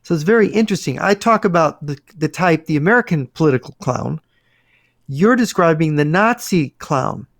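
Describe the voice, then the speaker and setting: A man's voice: a little high, lively intonation, normal speed, gravelly, no echo, clean studio sound. A man talking animatedly in a video call conversation, often bringing up quotes and anecdotes from history books.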